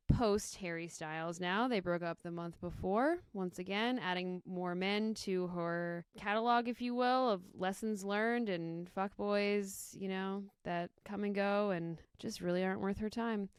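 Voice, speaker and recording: A woman's voice: medium pitch, a little slow, clear, resonant tone, no echo, studio quality. A young woman co-hosting a podcast in casual chat, joking and saying "like" a lot. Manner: chatty, joking, heavy use of "like". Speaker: podcast co-host.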